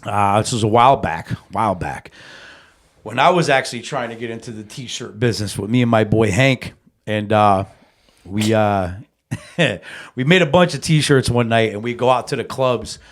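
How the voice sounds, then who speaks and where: A man's voice: on the low side, moderate pace. A man hosting a podcast, telling a story in a casual, slangy, profane way with lots of animation. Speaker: podcast host.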